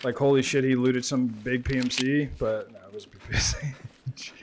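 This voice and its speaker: A man's voice: mid-range voice, a little fast, a little hiss or hum. A man streaming a game, bantering and joking casually with a friend and swearing freely. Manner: jokey, animated, swears freely.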